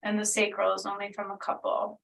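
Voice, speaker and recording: A woman's voice: mid-range voice, completely flat delivery, brisk, vocal fry, fairly bright tone, far from the mic, rough recording. A woman doing a casual spiritual energy reading, talking in a meandering, earnest way full of fillers. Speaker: spiritual healer channeling energy.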